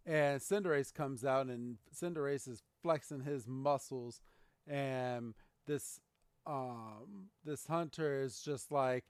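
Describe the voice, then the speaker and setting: Man, podcast co-host, unhurried delivery, animated retelling, dry sound. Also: medium pitch, clear, resonant tone, dry recording. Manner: animated retelling, acts out quotes. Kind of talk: casual episode recap.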